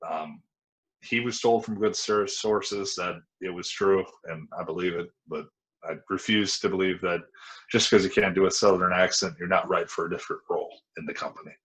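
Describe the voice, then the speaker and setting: A man's voice: sits low, steady tone, normal speed, fairly bright tone, rough recording. A man in his thirties, a former wrestler, recounting his career in a frank, rambling way as an interview guest. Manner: frank, rambling storytelling with many restarts. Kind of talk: casual interview talk.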